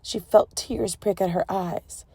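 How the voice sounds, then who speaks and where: A woman narrating a romance audiobook in a soft, emotive storytelling manner. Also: medium pitch, fairly even intonation, slow, creaky, slightly rough, dry recording. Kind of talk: scripted narration.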